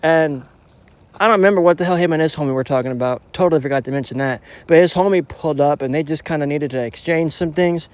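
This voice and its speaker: A man's voice: a little high, fast, dry recording, highs cut off. A young man rambling through a casual storytime monologue, slangy and profane, full of restarts. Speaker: storytelling vlogger.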